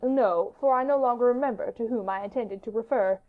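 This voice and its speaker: A woman's voice: a little high, brisk, natural voice. A woman voicing a curious, commanding male king in an audiobook. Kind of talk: audiobook character reading. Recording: dull lo-fi audiobook recording.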